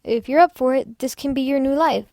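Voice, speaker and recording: A woman reading a visual novel aloud, voicing a bubbly, bossy teenage schoolgirl with a pushy, excited delivery. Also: high-pitched, fairly quick. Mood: tender.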